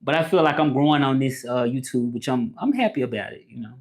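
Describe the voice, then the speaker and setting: A young Southern man talks loosely to his live-stream chat. His speech is relaxed and casual, with a mid-range voice. He greets viewers by name and slips in short French phrases that he then translates. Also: mid-range voice, fast. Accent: Southern American. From American South. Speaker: vlogger live-streaming to followers.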